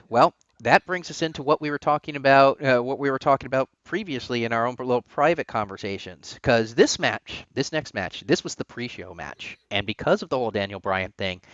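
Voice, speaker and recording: An opinionated man talks through his takes in a loose, rambling podcast chat, often restarting his sentences. His voice is mid-pitched and comes through a muffled, lo-fi recording. The sound is dry and close, with no room around it. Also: expressive, a little fast, a bit bright, dry recording. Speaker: podcast co-host. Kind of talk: casual wrestling chat.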